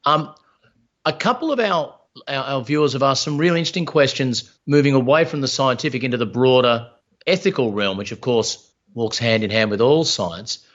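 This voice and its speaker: A man's voice: medium pitch, animated, moderate pace, dull audio. Host in his fifties, reading questions. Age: 50s. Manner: friendly, reads out viewer questions. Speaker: event host. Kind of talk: moderating a live Q&A.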